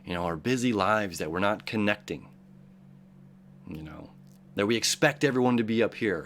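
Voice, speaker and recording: A man's voice: lowish voice, lively intonation, moderate pace. A man hosting a casual daily horoscope talk, earnest and encouraging, rambling with frequent restarts and repeated words. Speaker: astrology show host.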